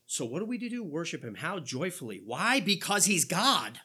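Animated preacher with a husky voice. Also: male voice, fairly high pitch, normal speed. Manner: animated preaching, rhetorical questions, quoting scripture. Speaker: pastor. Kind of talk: sermon.

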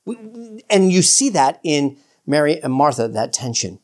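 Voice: mid-range voice, big pitch swings, measured pace, darkish tone. A preacher giving an informal sermon, chuckling often and acting out biblical dialogue in a conversational way. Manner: informal, chuckles often, frequent "you know"; acts out biblical dialogue in quoted voices.

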